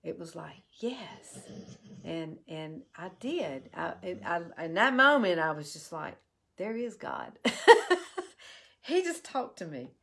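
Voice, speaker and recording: A woman tells a heartfelt personal story while doing a makeup tutorial, in an earnest, halting way. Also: low voice, very animated, gravelly, slightly rough. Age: 50s. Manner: earnest and heartfelt, with halting restarts and soft drop-offs. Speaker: beauty vlogger.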